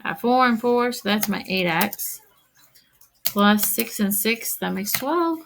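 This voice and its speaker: A woman's voice: mid-range voice, expressive, unhurried, creaky, fairly bright tone, slight background noise, rough recording. A woman teacher recording a math lesson, speaking straight to her students, counting aloud and checking that they follow.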